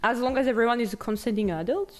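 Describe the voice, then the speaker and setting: A woman streaming a game, reading its text aloud and breaking into giggly, excited outbursts. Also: fairly high pitch, fast. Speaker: VTuber streamer.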